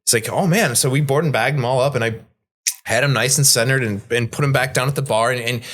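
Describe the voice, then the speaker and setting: A man's voice: medium pitch, fast talker, fairly bright tone. A man, a bartender guest on a podcast, telling a story casually and acting out the people he quotes in raised voices. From Midwest United States.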